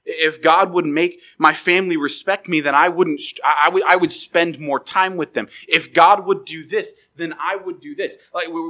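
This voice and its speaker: A man preaching a sermon, animated and acting out quoted voices as he goes. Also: fairly high pitch, rough recording. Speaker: pastor.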